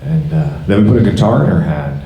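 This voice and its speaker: A middle-aged man, a friend's father, speaking off the cuff at a memorial, halting with many restarts. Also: rumbling low, expressive, highs cut off, slight background noise. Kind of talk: unscripted memorial speech. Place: church hall. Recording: echoey hall.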